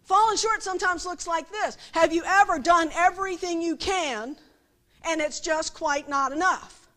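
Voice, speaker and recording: A woman's voice: very high-pitched, normal speed, pushed and bright. A middle-aged woman giving a conversational sermon, often asking the audience rhetorical questions and acting out quotes. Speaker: speaker at a church service.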